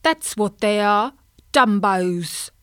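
A woman's voice: mid-range voice, takes it slowly, a bit bright, smooth, no echo, studio quality. A woman voicing a grumpy, pompous male carp who is big and vain, talking in a huffy, self-important way. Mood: indignant.

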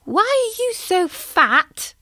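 A woman voicing a small, cheeky young male tadpole with a squeaky voice. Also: big pitch swings, slow, sharp tone, no echo, studio quality, full character voice. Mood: innocent.

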